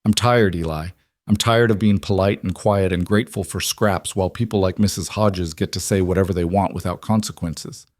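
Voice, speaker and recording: A man's voice: low voice, steady tone, fairly quick, no room sound, natural voice. A man voicing a proud young frontier woman who speaks sharply and bitterly. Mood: indignant.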